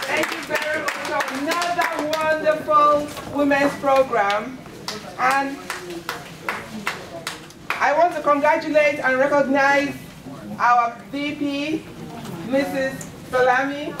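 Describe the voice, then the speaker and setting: A woman emceeing an event, speaking formally, thanking organizers with "um" pauses. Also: high voice, steady tone. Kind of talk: thanking organizers and running a raffle. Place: large indoor conference hall. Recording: echoey hall from far off, clear noise.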